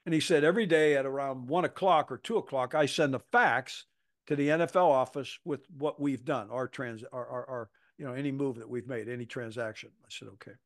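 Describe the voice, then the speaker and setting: An older man in his seventies spins a coaching yarn in a middle-pitched voice. He leans into the quotes, swears freely, and keeps the story moving as a podcast guest. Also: brisk. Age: 70s. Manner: animated storyteller who acts out quotes, salty language. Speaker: football coach.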